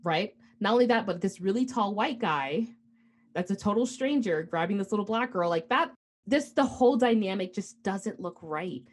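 A woman's voice: mid-range voice, expressive, moderate pace, breathy edge. A young woman co-hosting a podcast, telling a long story in casual chat, full of fillers and asides. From United States. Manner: rambling storytelling with many fillers. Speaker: podcast co-host.

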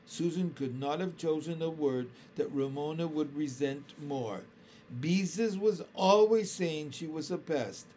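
A man reads a children's chapter book aloud, taking his time over every sentence. His voice sits a little high for a man. A faint hiss runs behind the reading. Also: warm tone. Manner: slow, careful storytelling. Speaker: storybook reader.

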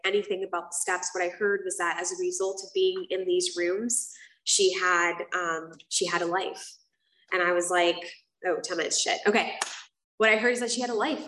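A woman speaks candidly to a meeting room, telling her own story in a loose, casual way with plenty of "um" and "like." Her voice sits fairly low and the mic catches her from some distance, so it sounds roomy and echoey. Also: a bit bright. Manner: casual and candid, frequent fillers and swearing. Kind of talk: personal testimony to a live group.

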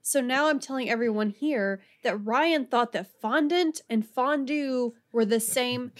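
Chatty higher-voiced woman telling a story. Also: measured pace. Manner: chatty, laughing, frequent fillers. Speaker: podcast co-host. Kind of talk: casual storytelling chat.

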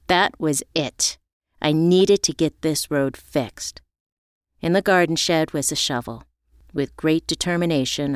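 Low-voiced woman narrating a story. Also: clear, resonant tone, no room sound, studio quality. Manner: reflective, measured, introspective. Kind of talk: first-person story narration.

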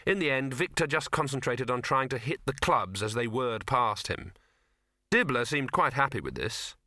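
A man narrating a comic fantasy novel as an audiobook reader, telling it with lively expression. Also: medium pitch, moderate pace, no echo, clean studio sound.

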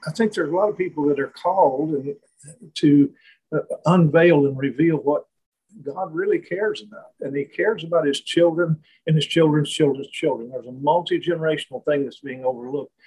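A man tells a reflective story as a guest in conversation. His voice sits a little high and sounds husky. He speaks haltingly, with many restarts and fillers. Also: darkish tone, rough recording.

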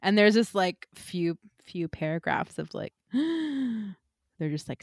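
A woman's voice: lowish voice, big pitch swings, measured pace, a little mellow, no echo, studio quality. A woman hosting a casual book-club podcast, summarizing a chapter in a chatty way with many fillers and restarts.

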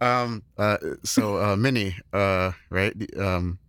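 A man co-hosting a podcast in casual chat, teasing with deadpan setups and stammered restarts. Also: lowish voice, takes it slowly, smooth, no room sound, studio quality. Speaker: podcast co-host.

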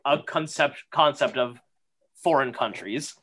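A man co-hosts a podcast in casual chat, making dry, wry remarks. His mid-range voice is unhurried and fairly bright.

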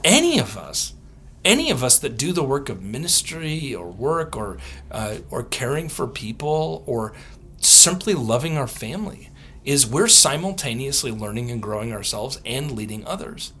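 A man, a theologian and author, answering podcast interview questions with lively storytelling, often laughing and acting out what others said. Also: mid-range voice, normal speed, a little hiss or hum. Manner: animated, laughs often, acts out quotes.

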